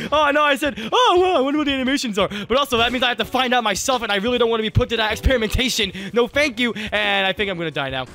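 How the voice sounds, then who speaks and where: An excitable man talks through a video game in a high, bright voice. His pitch jumps around a lot as he jokes and yelps at the scares. Faint music plays behind him. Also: fast. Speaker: gaming YouTuber. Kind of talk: let's play commentary.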